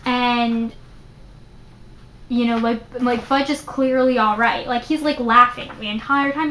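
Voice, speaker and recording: A young adult woman casually reviewing a book in a chatty vlog, animated and full of "like" fillers. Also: on the high side, a little slow. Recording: roomy echo.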